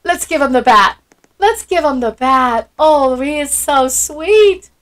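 A woman's voice: sits high, unhurried, a bit bright, rough recording. A woman hosting a gameplay video, gushing with sweet enthusiasm and gasping often. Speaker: channel host. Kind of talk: excited gameplay commentary.

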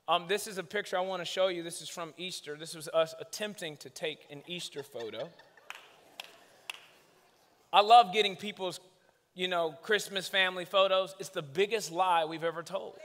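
A man preaching a comedic sermon in a large church hall, telling animated stories about his kids with shouted punchlines. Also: sits high. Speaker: guest preacher. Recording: long hall reverb.

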